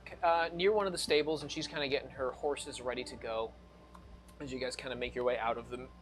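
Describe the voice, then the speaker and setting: A man's voice: mid-range voice, fairly even intonation, fast talker, a little hiss or hum. A man narrating as dungeon master of a streamed tabletop game, loose and rambling, with restarts and asides.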